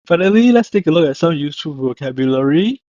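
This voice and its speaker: A man teaching a language lesson, speaking slowly and deliberately and repeating each word to show how it is pronounced. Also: on the high side, expressive, mellow, no room sound. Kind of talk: slow instructional narration. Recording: dull lo-fi dry voice-over.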